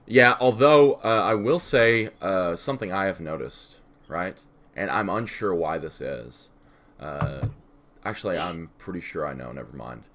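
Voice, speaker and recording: A man co-hosting a casual podcast, scattered and profane, with vocal fry. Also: deep voice, measured pace, a bit bright. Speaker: podcast co-host.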